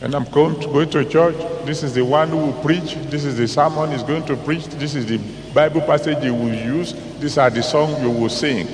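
A man preaching a dramatic sermon, dropping to low asides and rising to loud exclamations. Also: fairly even intonation, moderate pace, few pauses, a little hiss or hum. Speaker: pastor. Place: large church hall. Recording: echoey hall from a distance.

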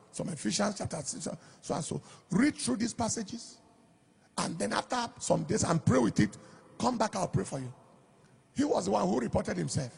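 A pastor preaching with real force, his voice high-pitched and rough with gravel. It sounds very husky and strained, and he swings from quiet asides to loud, sing-song emphasis. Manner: emphatic preaching, shouting and lilting on key phrases. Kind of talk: sermon.

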